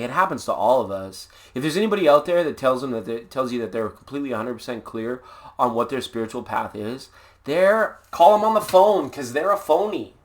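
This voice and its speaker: A man hosting a casual live tarot reading, laid-back and upbeat, rambling with jokes and puns. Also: medium pitch. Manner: playful, jokey, rambling with puns. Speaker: tarot reader and live stream host.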